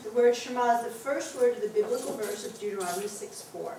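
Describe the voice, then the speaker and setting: A woman teaching a Hebrew class to adults, patiently explaining and reading words aloud slowly. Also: a little high, noisy background. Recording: very echoey classroom taped from far off.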